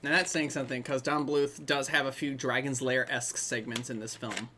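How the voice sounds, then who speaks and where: Mid pitched host doing a chill movie commentary, rambly and chatty. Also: steady tone, brisk, pushed and bright, slight background noise. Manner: rambling, chatty, trailing off into asides.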